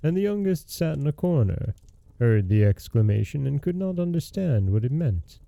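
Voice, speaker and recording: Gravelly storytelling man. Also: mid-range voice, very animated, dark tone, no room sound. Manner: measured storybook narration. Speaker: storyteller host. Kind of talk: reading a fairy tale aloud.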